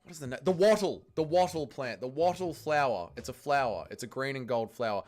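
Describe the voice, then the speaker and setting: A young Australian man hosting a fight watch-along stream, reading chat and swearing as he yells at the fights. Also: mid-range voice, expressive, brisk, hardly any pauses, faint music behind. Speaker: livestream host.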